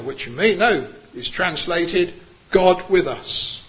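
A man preaching a sermon, rising to emphatic peaks and then dropping low and slow. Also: huge pitch swings, fairly bright tone, highs cut off.

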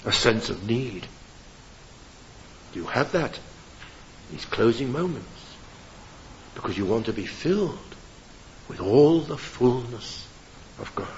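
A man preaching from a church pulpit, impassioned and emphatic, swinging between loud declarations and hushed appeals. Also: mid-range voice, animated, takes it slowly, pauses often, muffled recording, a little hiss or hum. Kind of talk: sermon.

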